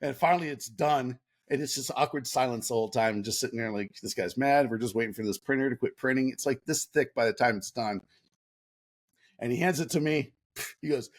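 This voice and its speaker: A middle-aged man telling an animated story as a podcast guest, laughing often and acting out what others said. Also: medium pitch, brisk. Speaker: podcast guest, former Navy SEAL. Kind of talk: casual storytelling.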